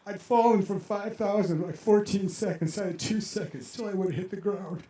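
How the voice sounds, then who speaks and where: Older guy telling a story live on stage, kinda high voice but mellow, gets worked up, roomy sound. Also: normal speed. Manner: animated and emotional, acting out his own past reactions. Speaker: storyteller performing for an audience. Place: outdoor amphitheater.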